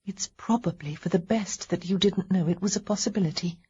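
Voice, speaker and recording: A woman's voice: fairly low pitch, a little fast, mellow, slightly rough, muffled recording. A woman narrating an audiobook, voicing a caring young lady who sits at a sickbed, speaking earnestly and a little fretfully. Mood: reassuring. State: sleepy.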